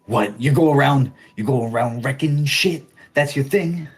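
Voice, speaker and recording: A man's voice: low-pitched, big pitch swings, brisk. Man doing a sneering, shrieking passerby. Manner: sneering, then shrieking in alarm. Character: scrawny grumpy family man passerby.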